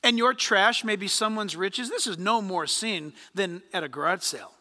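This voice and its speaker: A man preaching a sermon in a church, lively and full of rhetorical questions put to the congregation. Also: high-pitched, normal speed, in a large hall. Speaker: pastor. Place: church sanctuary.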